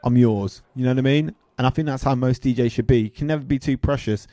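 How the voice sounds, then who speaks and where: A man's voice: medium pitch, fast, warm tone, no room sound. A man hosting a DJ livestream, rambling and joking, swearing freely and trailing into asides. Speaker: DJ livestream host.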